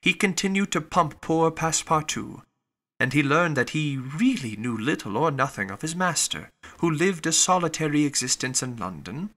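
A man narrating a classic novel as an audiobook, in an expressive storytelling manner. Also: mid-range voice. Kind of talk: scripted narration.

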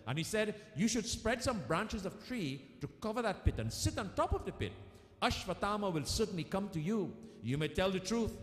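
Male spiritual speaker, fairly high and very animated voice, storytelling sermon, repeats key lines, echoey room with long reverb. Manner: addresses listeners as devotees. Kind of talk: devotional discourse.

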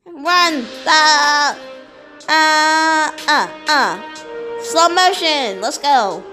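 A woman voicing SpongeBob, an excitable and goofy cartoon sea sponge, playing a video game and chattering to viewers. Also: high voice, drawn-out words, over music. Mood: excited.

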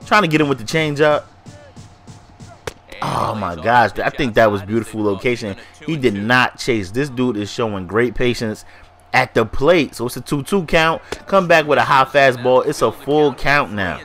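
A man's voice: mid-range voice, a bit bright. A man with a stuffy nose giving casual, hyped gameplay commentary, slangy and talking straight to his viewers. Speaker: gaming YouTuber.

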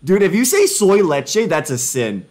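A young man live-streaming, chatting casually and joking excitedly with himself while working through language drills. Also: unhurried. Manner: jokey, excitable, laughing self-commentary with sudden pitch jumps.

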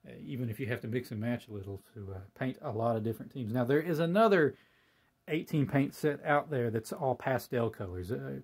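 A man's voice: medium pitch, expressive, a little fast, breathy edge. A man hosting his own hobby channel, talking casually and ramblingly with lots of fillers, in a folksy, self-deprecating way. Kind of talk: casual talk to camera.

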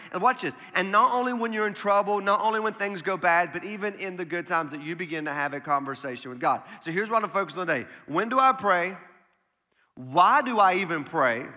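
A man's voice: high voice, pushed and bright. Conversational male pastor in an echoing church. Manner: conversational, repeats words when emphatic. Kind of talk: sermon. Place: church sanctuary.

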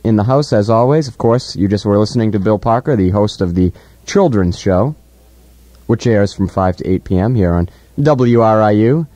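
A man's voice: fairly low pitch, expressive, normal speed, dark tone, no room sound. A young man hosting a college radio show from the studio, in irreverent casual banter. He talks in a mock-grandiose, profane way, often stammering and repeating words. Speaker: radio host. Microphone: studio mic, monitoring on headphones.

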